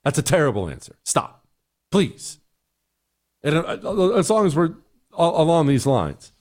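A man's voice: a little high, huge pitch swings, a little slow, a little mellow. A middle-aged man hosting a talk show, giving emphatic, sarcastic opinions and answering listener emails. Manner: emphatic, sarcastic, repeats points.

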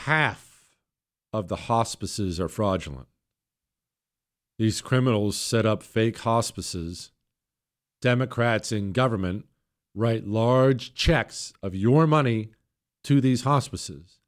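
A man hosting a political talk radio show, his voice going hoarse, delivering an emphatic, sarcastic monologue that jumps between loud jabs and low mutters. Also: slow, long pauses. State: hoarse, voice nearly gone.

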